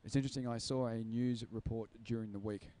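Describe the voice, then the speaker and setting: A man's voice: mid-range voice, fairly even intonation, fast, mellow. A man giving live roller derby commentary, chatty and joking at his own expense. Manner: chatty, jokey, self-deprecating, ad-libbing. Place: sports venue.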